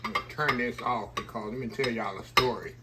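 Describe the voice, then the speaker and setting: A medium-pitched man talks fairly quickly while hosting a casual cooking demonstration in his kitchen. He keeps a folksy, close tone with viewers and calls them y'all, though heavy background noise fills the recording.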